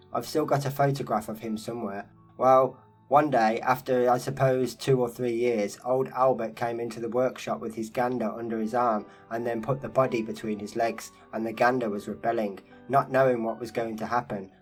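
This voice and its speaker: Male narrator, mid-pitched, steady measured storytelling read, faint guitar bed underneath. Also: rough recording. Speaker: narrator reading a first-person memoir interview. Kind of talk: scripted narration.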